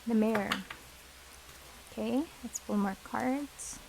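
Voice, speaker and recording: A woman reads tarot cards for her viewers in a gentle, reassuring way, often pausing on fillers. Her voice sits a little high and has a gravelly edge. A faint hiss runs under the recording. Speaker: tarot reader. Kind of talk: pick-a-card tarot reading.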